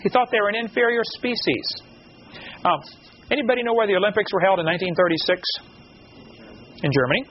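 A man giving an animated lecture to a live audience, asking the room rhetorical questions. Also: high voice, fast, long pauses. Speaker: creationist lecturer. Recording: dull lo-fi recording with faint noise.

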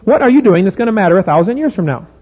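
Middle-aged male preacher, high husky voice, folksy and emphatic, asks the crowd questions. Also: sing-song, racing. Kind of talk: sermon. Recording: phone-like audio in a reverberant hall.

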